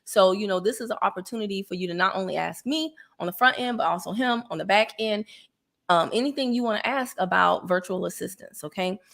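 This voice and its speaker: Her medium-pitched voice is brisk and creaky as she hosts a laid-back livestream. She greets her viewers chattily, laughs a lot, and hands out shout-outs.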